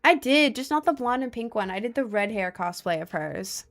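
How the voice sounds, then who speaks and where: A woman's voice: fairly high pitch, lively intonation, normal speed, fairly bright tone. A young American woman chatting casually on a live stream, answering chat with sarcastic jokes and frequent laughter. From United States. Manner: joking, sarcastic, laughs often.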